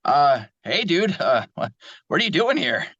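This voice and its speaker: A man's voice: on the high side, sing-song, unhurried, pushed and bright, dry recording, voice pushed up, exaggerated voice. A man voicing a cocky young male hedgehog speedster hero, talking in a breezy, boastful way over a dull phone-app mic.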